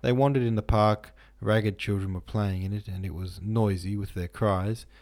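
A male podcast host calmly narrating a classic novel as an audiobook reading. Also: lowish voice, moderate pace.

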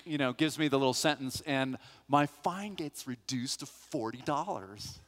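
Animated storyteller pastor, man, hall reverb. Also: medium pitch, normal speed. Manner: animated storyteller, acts out voices. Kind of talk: sermon with personal story.

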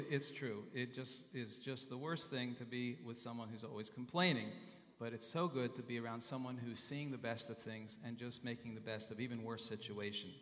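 A male pastor preaches a sermon in an easy, conversational way. He often repeats himself and carefully sounds out Hebrew and Greek words. His mid-pitched voice carries a long reverb from a large hall. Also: a bit bright.

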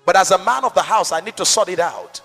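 A male pastor preaching a sermon to a congregation, dynamic and rhetorical, swinging from shouts to soft asides. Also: sits high, expressive, fast, gravelly, in a large hall, soft background music.

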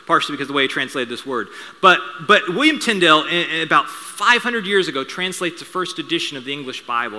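Brief: male pastor, forceful bright tone, slightly high voice, chatty storytelling sermon. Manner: conversational storytelling with asides and humor. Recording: reverberant hall sound.

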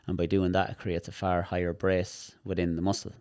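A man's voice: low-pitched, monotone, brisk, a little mellow, no echo, clean studio sound. An Irish man, a therapist guest in a casual interview, explaining things animatedly and often repeating words.

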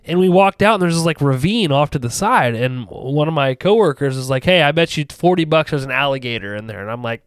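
A man in his thirties from Ohio, telling a story in casual podcast chat, animated and profane, acting out what people said. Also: on the high side, a little fast, hardly any pauses, smooth, no echo. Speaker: podcast co-host.

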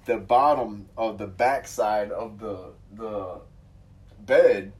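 A man telling a wild, profane story in casual chat, acting out the quotes loudly. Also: on the low side, slow. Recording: voice from far off the mic.

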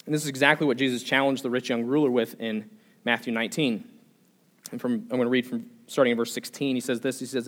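A man's voice: mid-range voice, fairly even intonation, fast, a bit bright. Earnest young man preaching a sermon. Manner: earnest preaching with repeated rhetorical questions and frequent restarts. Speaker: pastor.

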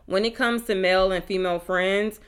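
Young woman on a podcast, blunt and lively, does little voices when she tells a story. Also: medium pitch, a little fast, smooth. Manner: straightforward, animated, playful. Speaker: podcast co-host. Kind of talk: casual podcast chat.

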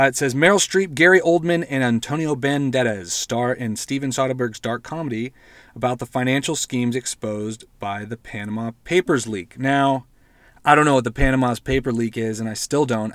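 A man's voice: mid-range voice, fairly even intonation, brisk, dry recording. A man hosting a casual podcast, recapping a movie in a rambling way with lots of fillers, restarts and swearing. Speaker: podcast host.

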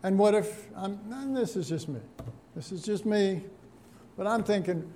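A man teaching a Bible study, musing aloud with halting restarts as he works through scripture verse by verse. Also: sits high, lively intonation, warm tone, a little hiss or hum.

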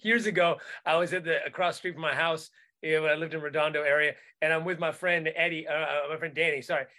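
A comedian co-host spinning a rambling anecdote on a casual podcast, chuckling as he goes. His voice sits high and sounds bright and sharp. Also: fairly even intonation, fast talker. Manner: rambling anecdotes, laughing through them.

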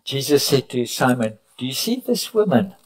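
A man preaching a sermon at a retreat, telling stories, rising to loud cries and dropping to near whispers, sometimes correcting himself mid-sentence. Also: mid-range voice, big pitch swings, normal speed, rough recording. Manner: preaching with sudden rises and hushed drops; storytelling with self-corrections. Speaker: pastor. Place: retreat meeting room.

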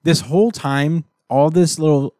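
A man's voice: a little high, a little slow, dry recording, studio quality. A man co-hosting a casual podcast, animatedly recapping a comic book and acting out the characters' lines. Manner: animated storyteller who acts out characters' lines. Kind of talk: casual chat.

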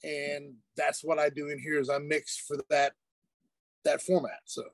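Give me a man talking casually as an interview guest, easygoing, with a fairly high voice and a dry sound. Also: a little slow, no echo. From United States. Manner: relaxed, chatty, laughs easily, many fillers and restarts. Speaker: guest music producer and mix engineer. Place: studio.

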